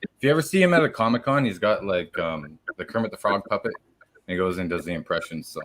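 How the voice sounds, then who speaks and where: A middle-aged man from Canada with a fairly low voice, hosting a live stream. He chats in a relaxed, rambling way, filling the gaps with ums and uhs. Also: fast talker, no room sound. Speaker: stream host. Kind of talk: casual live-stream chat.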